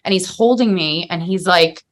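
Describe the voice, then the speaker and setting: A woman's voice: fairly low pitch, normal speed. A woman in her thirties hosting a podcast, telling a personal story in a heartfelt, rambling way with many fillers and restarts. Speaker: podcast host. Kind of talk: casual podcast conversation.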